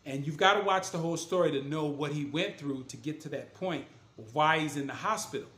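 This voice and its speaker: Speaking a bit quickly in a high-leaning, fairly bright voice, this man, a motivational speaker and author, shares his story casually but with earnest emphasis. He re-creates scenes by voicing what people said, in a room with noticeable echo.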